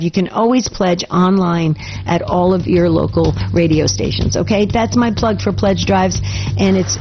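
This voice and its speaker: A woman hosting a live call-in radio show, her voice raspy as she recovers, chatty and urging listeners to phone in. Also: mid-range voice, highs cut off.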